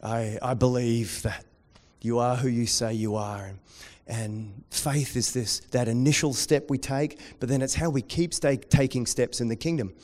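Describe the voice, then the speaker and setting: A man preaching a sermon, dropping to quiet intensity and rising to loud, excited storytelling. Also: medium pitch, normal speed, few pauses. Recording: long hall reverb.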